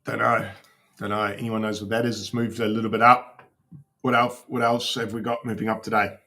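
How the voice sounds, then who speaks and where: A man's voice: lowish voice, flat delivery, brisk, pushed and bright. Casual swearing streamer man. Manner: casual, swears often, talks to chat while browsing. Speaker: crypto livestream host. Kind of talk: casual livestream chat.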